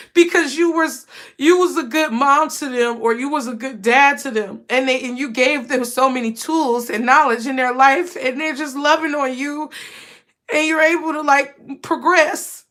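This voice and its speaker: A woman's voice: sits high, fairly even intonation, unhurried, a bit bright. A young woman giving a casual, emotional spiritual reading straight to her viewers, often repeating herself and calling them y'all. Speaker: tarot reader.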